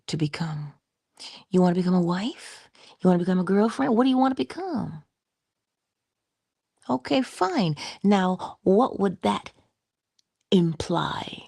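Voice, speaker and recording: A woman giving a spiritual motivational talk in a soft-spoken way, often dropping into whispers, with playful, affectionate asides. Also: on the low side, creaky, breathy edge, no echo, studio quality. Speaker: inspirational speaker.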